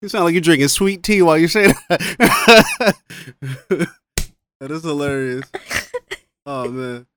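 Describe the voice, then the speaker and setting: A podcast co-host in casual chat, reacting with quick, amused comments. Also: medium pitch, a bit bright, a little hiss or hum.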